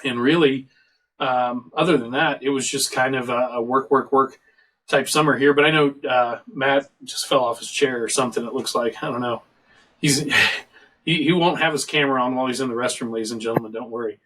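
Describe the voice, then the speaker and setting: A man's voice: medium pitch, fairly even intonation, a little fast, pushed and bright, recorded from a distance, low-quality recording. Joking man host on a video call. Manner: rambling, joking storyteller. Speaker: show host. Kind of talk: casual podcast chat.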